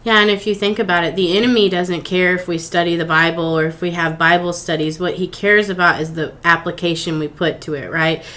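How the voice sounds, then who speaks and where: Lower-voiced woman, conversational. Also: steady tone, brisk, hardly any pauses, pushed and bright. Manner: conversational, checks in with tag questions. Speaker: podcast co-host. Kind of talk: faith-based casual chat.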